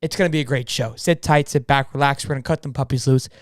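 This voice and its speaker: A young man co-hosting a live sports podcast, talking fast and hyped with plenty of slang. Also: medium pitch, fairly even intonation, no room sound, clean studio sound. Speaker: podcast co-host.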